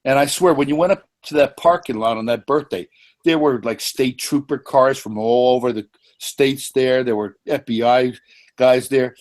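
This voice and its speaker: Profane New man, animated. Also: mid-range voice, moderate pace. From New York. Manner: animated, profane, frequent restarts. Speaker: panelist. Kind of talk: casual chat.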